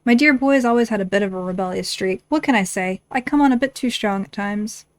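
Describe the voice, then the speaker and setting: A woman's voice: mid-range voice, dry recording, close to an everyday voice. A woman reading aloud the lines of a fiery older mother who scolds her useless husband. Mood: scolding. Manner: reading game dialogue aloud, brisk and scolding.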